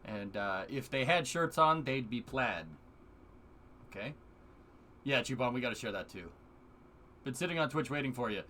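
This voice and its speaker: A man's voice: medium pitch, expressive, normal speed, pauses often, pushed and bright, a little hiss or hum. A man streaming live, chatting casually and joking with his viewers. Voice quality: joking, puts on silly voices in bursts.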